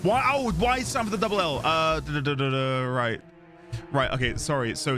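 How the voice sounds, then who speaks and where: A man's voice: a little high, moderate pace, bright, forceful tone, soft background music. A man streaming a game, chatting with his viewers in a playful, goofy way. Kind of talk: casual game-stream chat.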